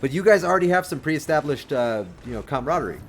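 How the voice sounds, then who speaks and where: A man's voice: fairly high pitch, lively intonation, fast, a little hiss or hum. A young man chatting casually on a game livestream, rambling and friendly as he gives dating advice to his chat. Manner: rambling and friendly, with many restarts and chuckles.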